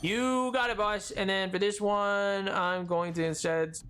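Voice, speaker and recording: A man's voice: high-pitched, fairly even intonation, unhurried, pushed and bright, clean tone. A man streaming a video game, rambling and joking, amused by his own remarks. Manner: rambling, jokey, self-amused. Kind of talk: casual gameplay commentary.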